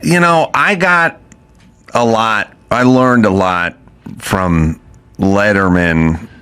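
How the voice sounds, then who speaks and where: A man's voice: on the low side, takes it slowly, sharp tone, clean tone. A man hosting a casual talk show, adding dry asides and his own stories. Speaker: show host. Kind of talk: casual chat.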